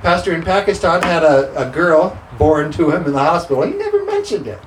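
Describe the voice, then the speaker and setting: A man's voice: a little high, very animated, fairly quick, a little hiss or hum. A man preaching a sermon as pastor, emphatic and repeating scripture declarations. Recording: roomy sound with faint ambience.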